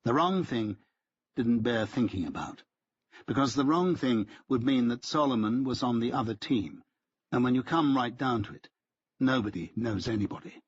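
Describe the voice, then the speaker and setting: A man reading a first-person novel aloud as an audiobook narrator, in a dry, wry deadpan way. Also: mid-range voice, moderate pace, a little hiss or hum. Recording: dull lo-fi dry audiobook recording.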